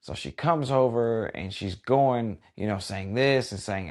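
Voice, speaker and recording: A middle-aged man, a wedding DJ hosting a podcast, telling a story in a relaxed conversational way with lots of asides. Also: on the low side, very slow, pauses often. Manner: relaxed and conversational, many "you know" asides.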